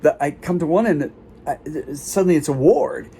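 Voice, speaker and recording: A man tells a rambling true story live on a small theater stage, often stopping mid-sentence and starting again. His voice has a gravelly grain. It sits fairly high for a man. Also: expressive, dark tone, slight background noise. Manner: halting, self-interrupting retelling. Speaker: solo performer.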